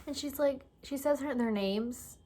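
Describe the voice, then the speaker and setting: Young woman ranting about a movie, kinda high voice, sarcastic and fed up, trips over words. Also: unhurried, dark tone. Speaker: movie reviewer. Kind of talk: casual rant review.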